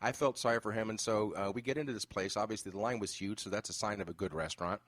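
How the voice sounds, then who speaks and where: Low-voiced guy hosting a podcast, chatty storyteller, lots of uh and um, dry close sound. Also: quick pace, no echo. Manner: animated storyteller, many fillers. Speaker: podcast host. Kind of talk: casual interview chat.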